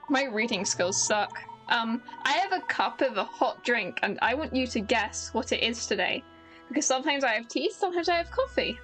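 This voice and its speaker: A woman's voice: high voice, animated, normal speed, fairly bright tone, soft background music. A British woman streaming a game, rambling and self-mocking as she chats with viewers. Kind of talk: casual gameplay commentary.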